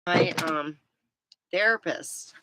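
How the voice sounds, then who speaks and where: A middle-aged woman vlogging in a rambling, casual chat, scattered and quick to laugh. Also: lowish voice, very noisy. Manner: chatty, scattered, laughs a lot.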